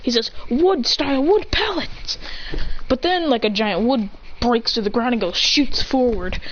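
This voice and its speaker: A woman telling an improvised fan story with excitement, acting out voices and sound effects. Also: on the high side, moderate pace. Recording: dull lo-fi with faint noise.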